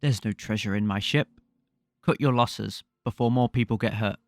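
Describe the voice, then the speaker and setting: A male starship captain offers a deal to pirates in a plain, matter-of-fact tone, read by a man in his own lowish voice. The sound is dry and close. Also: moderate pace, no echo, natural voice. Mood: bargaining.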